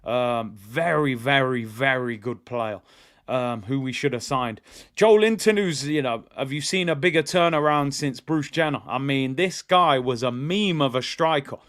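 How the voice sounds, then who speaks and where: A man's voice: medium pitch, measured pace, a bit bright. A man hosting a live football fan watch-along, chatting in an opinionated way with lots of fillers and repeats while reading out viewer comments. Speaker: football fan channel host.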